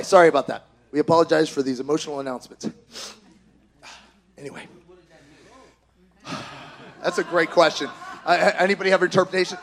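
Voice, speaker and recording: A middle-aged man preaching a sermon with impassioned exhortations, rising to shouts. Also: sits high.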